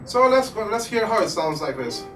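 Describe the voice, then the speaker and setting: A man's voice: high voice, big pitch swings, normal speed, loud music behind the voice. Casual man teaching home recording. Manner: casual, rambling, filler-heavy explanations. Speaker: workshop instructor. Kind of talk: live recording workshop demo. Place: music store workshop room.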